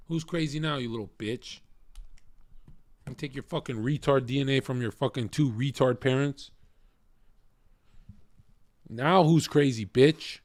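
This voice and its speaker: A man's voice: mid-range voice, no echo, clean studio sound. A man live streaming, ranting angrily and hurling mocking, profane insults at a viewer in chat. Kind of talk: angry rant at a chat viewer.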